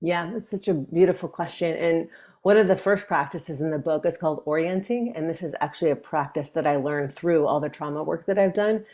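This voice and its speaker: A woman guest on an interview podcast, a breathwork teacher speaking gently and reflectively. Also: low-pitched, fairly quick. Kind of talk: conversational interview.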